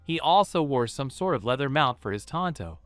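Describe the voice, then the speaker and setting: A man narrating a fan fiction story in a steady storytelling manner, voicing every character himself. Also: mid-range voice, a little fast, no room sound, faint music behind.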